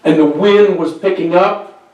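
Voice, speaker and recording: A male pastor telling a Bible story in a conversational sermon with halting restarts, recorded from a distance in an echoey church. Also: sits high, darkish tone. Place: church sanctuary. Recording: very echoey hall, distant mic.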